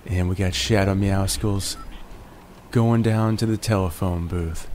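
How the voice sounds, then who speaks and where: Man, groggy morning voice, lowish pitch, relaxed jokey gameplay commentary, noisy recording. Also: measured pace. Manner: relaxed, jokey, narrates each move with puns. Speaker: gaming video host.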